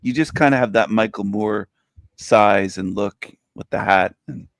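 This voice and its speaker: Man, gravelly, dry close sound, teasing banter, laughs a lot. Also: on the low side, unhurried, fairly bright tone, dry recording. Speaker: regular panelist. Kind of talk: casual teasing chat.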